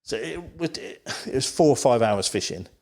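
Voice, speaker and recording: A man's voice: medium pitch, animated, normal speed, dark tone. A man from the Isle of Wight, a podcast guest telling a long story in casual, rambling chat. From England, Isle of Wight. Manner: rambling, full of "you know" asides.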